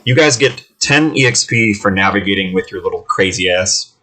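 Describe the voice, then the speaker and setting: A man running a tabletop game as game master, easygoing and chatty, often laughing and filling pauses with "uh" and "um". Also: low-pitched, animated, bright, forceful tone, low-quality recording. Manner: easygoing, laughing, filler-heavy. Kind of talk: casual tabletop game narration.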